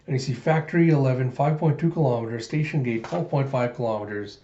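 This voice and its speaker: A man's voice: mid-range voice, fairly quick, mellow. A man narrating a manga readthrough in a casual, rambling way with many fillers. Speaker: manga reader. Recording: echoey, dull lo-fi room.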